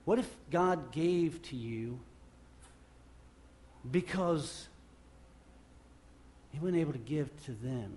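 Male pastor, sermon, slightly high voice, loud bursts then hushed lines, repeats himself. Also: takes it slowly, pauses often, a little hiss or hum. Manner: animated preaching that swings between loud emphatic bursts and quiet low passages; repeats and restarts phrases while speaking off the cuff.

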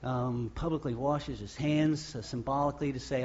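A man preaching a sermon as pastor, acting out the crowd's shouts and the quoted words. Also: mid-range voice, steady tone, moderate pace, husky, dull audio.

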